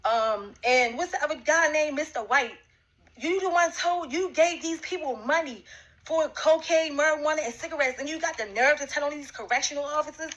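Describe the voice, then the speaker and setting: A woman speaks to camera in a confrontational rant, aiming accusation after accusation at a man. Her voice sits high for a woman and sounds bright and sharp. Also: low-quality recording. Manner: repetitive, accusing, talks straight at one man. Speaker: vlogger addressing a rival.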